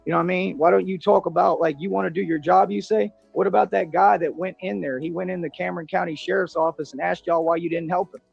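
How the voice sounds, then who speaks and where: A man in a played video clip, ranting and boasting in street slang, defiant toward his critics. His voice is gravelly and husky, pitched a bit high for a man, with faint music underneath. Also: fairly even intonation, quick pace, hardly any pauses, highs cut off. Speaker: self-styled independent detective in a played video.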